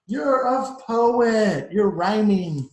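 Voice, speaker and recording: A man voicing a group of eager little field mice who ask questions loudly and pleadingly. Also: expressive, normal speed. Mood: delighted. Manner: louder, higher, pleading questions. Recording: roomy echo.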